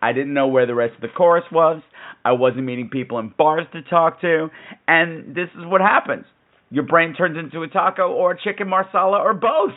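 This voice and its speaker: A man hosting a casual storytelling podcast, animated and campy, gasping for effect. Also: fairly high pitch, normal speed, phone-quality sound. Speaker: podcast host.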